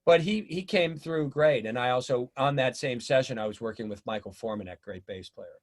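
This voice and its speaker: A middle-aged man telling stories in a casual interview, animated and acting out the voices of people he quotes. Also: mid-range voice, brisk. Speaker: drummer and teacher, interview guest.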